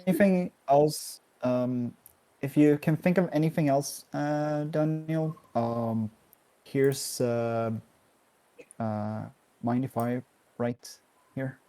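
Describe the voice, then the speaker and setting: A man's voice: medium pitch, slow pace, mellow. A man playing a tabletop game, speaking hesitantly with many fillers. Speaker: player. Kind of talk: tabletop role-play in character.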